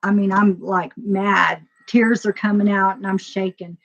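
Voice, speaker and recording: A woman telling a personal story to a live audience in a casual, emotional way, laughing often and swinging between loud and quiet. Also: mid-range voice, flat delivery, a little slow, creaky. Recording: dull lo-fi sound.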